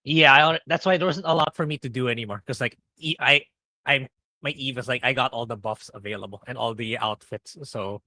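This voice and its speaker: A man's voice: mid-range voice, brisk, bright, forceful tone, dry recording. A man co-hosting a casual podcast, chatting about a video game. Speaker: podcast co-host.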